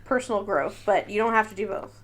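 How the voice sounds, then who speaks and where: A woman hosting a casual personality quiz, playful and quick to laugh, reading options off a list. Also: mid-range voice. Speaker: host running a personality quiz. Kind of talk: casual chat.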